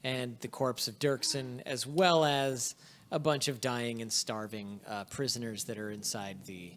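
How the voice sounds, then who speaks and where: A man's voice: mid-range voice, a little slow, a little hiss or hum. Man narrating as game master. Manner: relaxed, filler-heavy narration with frequent ums.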